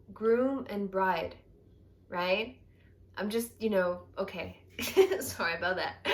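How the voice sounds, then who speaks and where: A woman giving a tarot card reading, talking in an effusive, chatty way and often asking "right?" to her listeners. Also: medium pitch. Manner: chatty, full of "you know" and "right?"; effusive and excitable. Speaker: tarot reader.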